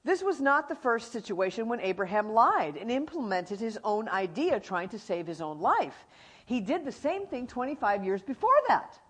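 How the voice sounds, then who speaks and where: Animated, husky-voiced woman Bible teacher. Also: a little high. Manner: animated storyteller, acts out animals and friends.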